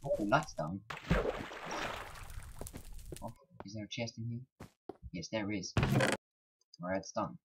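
A man's voice: lowish voice, unhurried, pauses often, very noisy. A man giving casual gameplay commentary, frustrated and self-mocking, sometimes talking about himself in the third person. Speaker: gaming commentator.

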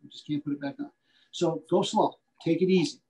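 A butcher instructor runs a live butchery demonstration in a folksy, repetitive way, punching key points and often checking in with "okay?". His voice is a little high, fairly quick and dark, on a rough recording.

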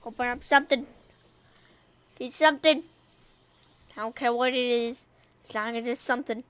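A woman hosting a gaming channel, giving excitable let's-play commentary and talking to herself as she plays, shrieking whenever she loses. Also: a little high, moderate pace. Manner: excitable, talks to herself while playing, shrieks when killed.

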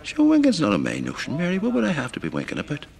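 A man's voice: a little high, wildly swooping pitch, very fast, gravelly, darkish tone, heavily acted. An actor playing a stubborn, grumpy old grandfather with a Derry accent, swearing and bickering in a sitcom. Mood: evasive. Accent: Derry, Northern Irish. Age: older. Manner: cantankerous, indignant, swears freely. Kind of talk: sitcom acting.

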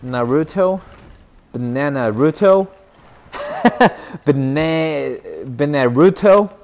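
Young male streamer, slow-talking but jumpy, yelps sky-high then drops low, faint gunfire underneath. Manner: excitable, yelps in sudden high bursts; teasing banter with chat. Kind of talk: live game commentary.

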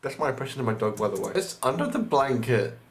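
A man's voice: medium pitch, very animated, quick pace, gravelly. A man hosting his own channel, giving casual reaction commentary, gushing and exclaiming often, with the odd casual swear. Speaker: channel host.

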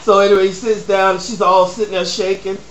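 A young man casually telling a crude comic story, animated and laughing. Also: high-pitched, quick pace. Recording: roomy echo, faint noise.

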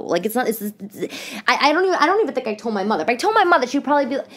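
A woman's voice: a little high, fast talker. A woman, telling comic stories in a loose, chatty monologue full of asides. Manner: chatty, animated, many restarts and asides. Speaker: podcast host, stand-up comedian. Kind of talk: casual comedic monologue.

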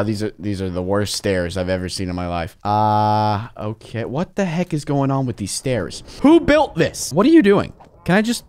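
Young male gaming YouTuber, animated pitch, jumps from muttering to shouting, playful and jittery. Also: smooth. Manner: excitable, shouts and laughs, big swings between mumbling and yelling. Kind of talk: excited gameplay commentary.

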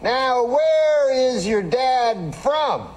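A man doing an impression of an older male comedian, speaking in slow, halting, drawn-out phrases from a noisy archive clip. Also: very high-pitched, very animated, voice pushed up, full character voice. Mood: puzzled.

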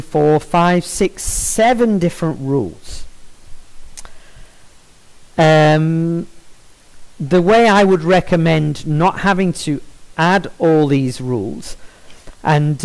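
In a screen-recorded tutorial with low-quality audio, a man with a voice on the high side walks through a software stylesheet. He explains things in a measured way but often says "um" and corrects himself.

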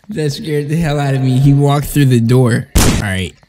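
A man's voice: mid-range voice, normal speed, background noise. A young man giving jumpy, joking commentary while playing a video game and talking to himself. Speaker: gamer. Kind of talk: let's-play commentary. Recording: game music underneath.

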